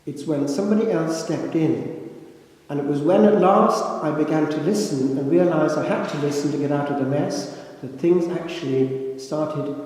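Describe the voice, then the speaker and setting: An older man, a priest, delivering a sermon as slow, reflective storytelling with dramatic pauses, recorded in a church. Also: on the high side, darkish tone. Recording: echoey church with long reverb.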